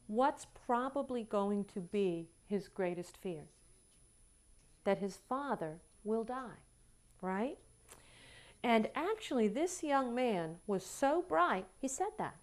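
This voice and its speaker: A woman counselor telling a story from a session in a lecture, with animated, emphatic repetition and acting out both sides of the dialogue. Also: mid-range voice.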